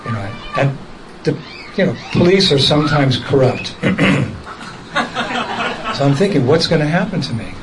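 A man telling a personal story in a casual, lively way, laughing as he goes and acting out other people's voices. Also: medium pitch, moderate pace, long pauses, background noise. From United States.

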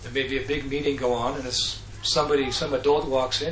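Animated man telling devotional stories. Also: medium pitch, fast talker, slight background noise. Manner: animated, acts out characters, laughs often. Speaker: speaker. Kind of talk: devotional storytelling talk. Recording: echoey room with faint ambience.

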